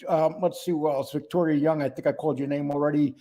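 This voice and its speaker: A man's voice: on the high side, fairly even intonation, quick pace, warm tone. An older man hosting a casual livestream, greeting viewers by name and talking bluntly and mockingly. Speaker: livestream host.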